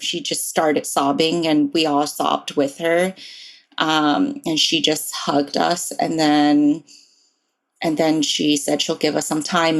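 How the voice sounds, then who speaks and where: Low-pitched woman in her 30s, podcast guest, soft and halting delivery. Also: gravelly. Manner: soft-spoken, halting, with many pauses and fillers. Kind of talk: personal storytelling in an interview.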